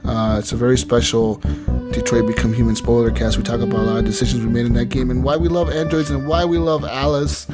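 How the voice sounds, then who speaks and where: A man's voice: mid-range voice, steady tone, fast talker, over loud music. A man hosting a casual gaming podcast, loose and jokey, swearing and laughing as he talks. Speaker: podcast host.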